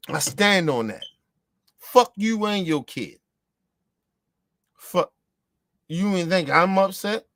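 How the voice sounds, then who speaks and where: A man's voice: high-pitched, lively intonation, slow pace, long pauses, a bit bright, no room sound, studio quality. A man from the United States delivering a heated, profane, repetitive ranting monologue as a show host.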